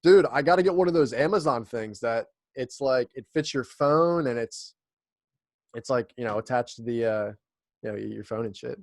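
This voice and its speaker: A young podcast host keeps the chat loose and laid-back, swearing freely and laughing often. His middle-pitched voice moves at a normal speed and is recorded close and dry, with no room sound.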